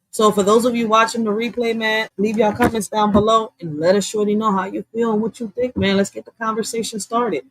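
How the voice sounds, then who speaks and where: A woman hosting a casual livestream, talking bluntly with lots of swearing and reacting loudly, with laughs, to comments from her chat. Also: medium pitch, dry recording, poor audio. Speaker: livestream host.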